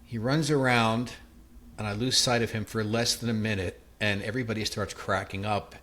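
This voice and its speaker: A man's voice: on the low side, steady tone, normal speed, fairly bright tone. A man co-hosting a podcast, sharing chatty anecdotes and asking short questions. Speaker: podcast co-host. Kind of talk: casual podcast conversation.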